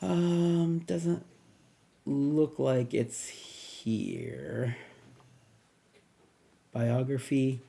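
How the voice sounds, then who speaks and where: A man reviews a film alone in an easygoing, rambling way. He thinks aloud, trails into asides and fills pauses with ums. His voice sits at an ordinary middle pitch. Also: creaky, dark tone. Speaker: movie reviewer. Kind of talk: casual solo review.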